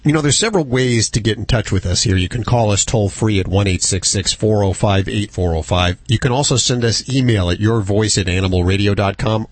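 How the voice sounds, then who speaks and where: A man's voice: on the low side, no room sound. A man hosting a radio talk show, bantering and reading out contact details and listener questions. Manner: joking, offhand banter.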